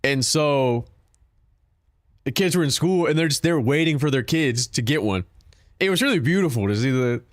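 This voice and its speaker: A man's voice: mid-range voice, lively intonation, normal speed, dry recording, clean studio sound. A man streaming a game, chatting casually and profanely with his viewers, joking and talking back to chat.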